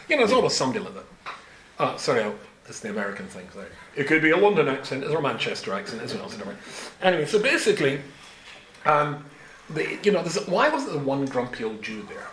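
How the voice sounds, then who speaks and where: A rabbi in his seventies teaches a Torah class, leaning on rhetorical questions and dry humor. His slightly high voice is fast, bright, and forceful, with huge pitch swings, recorded in an echoey room with faint ambience and slight background noise.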